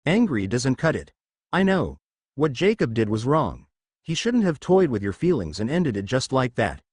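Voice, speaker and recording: A man's voice: medium pitch, sing-song, moderate pace, slightly rough, dry recording, studio quality. A man reading the lines of a young witch girl who consoles her friend, in a storybook reading. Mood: consoling. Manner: gentle, pleading.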